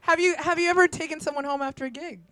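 High-voiced teasing woman interviewer. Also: fairly even intonation, fast talker, sharp tone. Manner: teasing, giggly questions. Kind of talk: comic chat interview on stage.

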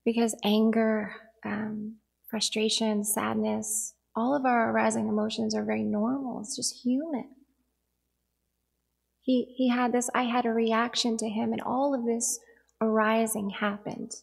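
A woman in her forties gives an earnest dharma talk, weaving a family story into a teaching. Her voice sits a little high, with a gravelly, husky edge. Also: little pitch movement, a little slow.

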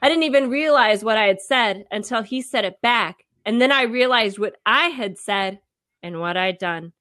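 Bright-voiced woman podcast co-host. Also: on the high side, normal speed. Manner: reads listener letters, chatty with many fillers. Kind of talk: casual chat.

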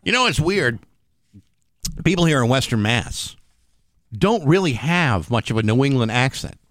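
A man's voice: mid-range voice, very animated, moderate pace, a bit bright, dry recording, clean studio sound. A man from Massachusetts co-hosting a radio show, telling easygoing stories. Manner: anecdotal, easygoing. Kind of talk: casual radio banter.

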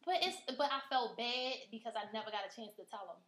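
A woman's voice: fairly high pitch, fast. A woman podcast host telling a personal story in casual chat, frank and full of swearing. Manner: frank, profane and animated. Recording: roomy echo.

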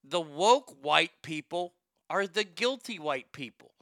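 A man's voice: a little high, animated, takes it slowly, fairly bright tone, no room sound, studio quality. A man hosting a livestream in a rambling, blunt, opinionated way while reading out chat comments. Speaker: show host.

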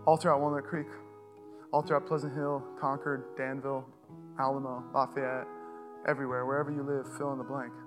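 A male pastor with a Californian accent preaching a sermon, telling a personal story in a casual, animated way that builds to urgent calls. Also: medium pitch. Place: church stage.

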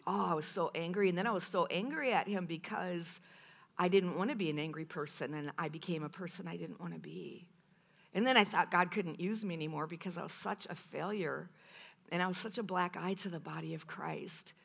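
A woman in her fifties speaking at a women's meeting, telling a personal testimony in an animated way that acts out her past outbursts and laughs often. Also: fairly low pitch, a little fast, creaky.

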